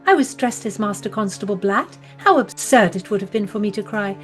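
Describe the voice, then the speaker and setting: A woman's voice: medium pitch, fairly quick, faint music behind, lightly acted. A woman narrating a scripted audio drama in a haughty manner, with archaic phrasing and French interjections. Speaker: narrator and investigator.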